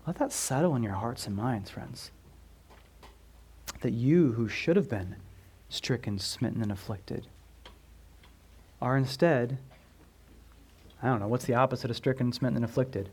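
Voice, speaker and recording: A man preaching a sermon as pastor, emphatic, asking the congregation questions and swinging from loud stressed words down to a near whisper. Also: medium pitch, moderate pace, long pauses, husky.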